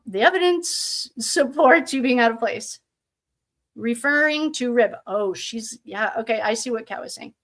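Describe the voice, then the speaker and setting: A woman's voice: fairly high pitch, fairly bright tone. A woman reading prison records aloud in casual commentary, breaking off often for sarcastic asides. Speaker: true crime commentator.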